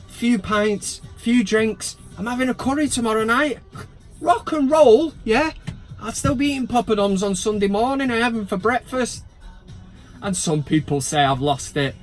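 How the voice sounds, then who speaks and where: A man's voice: sits high, fairly bright tone. A man chatting casually to camera about his football club from inside a van, full of jokey, sweary banter and mock outrage. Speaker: football fan vlogger.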